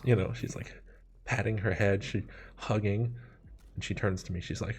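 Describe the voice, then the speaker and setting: A man telling a comedic personal story, animated and self-mocking, with dramatic asides. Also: on the low side, a little fast, a little hiss or hum.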